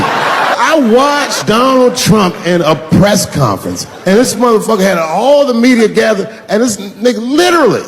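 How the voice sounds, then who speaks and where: A man doing stand-up comedy, loud and profane, shouting his punchlines. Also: high-pitched, sing-song, moderate pace, in a large hall. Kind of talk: stand-up routine.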